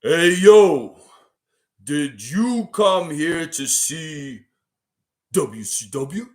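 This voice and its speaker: A man's voice: a little high, lively intonation. Man doing a cocky drawling wrestler heel. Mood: swaggering. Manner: slow drawled tough-guy delivery. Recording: voice from farther off the mic.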